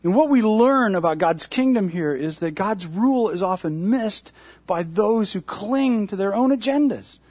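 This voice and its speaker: A male pastor delivering a sermon in a high, husky voice that leaps up and down as he acts out voices of a cheering crowd. The sound is dry and close, with no room around it. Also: normal speed, dry recording. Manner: animated, acts out crowd voices with big pitch jumps.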